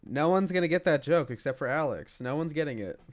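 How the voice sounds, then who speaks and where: A man's voice: a little high, expressive, brisk. A young man co-hosting a casual podcast, rambling with lots of fillers and laughing easily. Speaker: podcast co-host.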